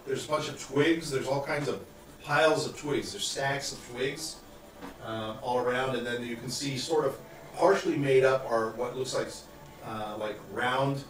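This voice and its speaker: A man narrating as game master in a tabletop game, rambling and halting with many fillers. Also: mid-range voice, fairly bright tone. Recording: echoey room, mic far off, faint hiss.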